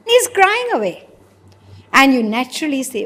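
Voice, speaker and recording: A woman delivers a spiritual talk, questioning her listeners and playing out short dialogues. Her voice sits high. Long reverb trails every phrase, as in a large hall. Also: sing-song, normal speed, sharp tone. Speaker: spiritual teacher. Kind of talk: sermon.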